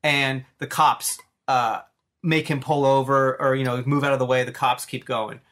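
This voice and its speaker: Bright-voiced, excited podcast host. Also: male voice, medium pitch, moderate pace. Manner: enthusiastic, rambling, acts out scenes. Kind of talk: casual chat.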